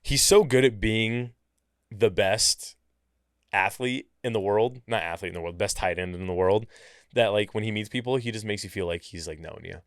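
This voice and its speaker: A man from the American Midwest speaks in a low, smooth voice. He tells stories in a casual, animated way and fills his talk with "like." He is recorded on a dry, close studio mic. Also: moderate pace, no room sound. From Kansas City, United States. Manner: animated, chatty, heavy use of "like". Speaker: podcast guest. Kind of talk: casual storytelling interview.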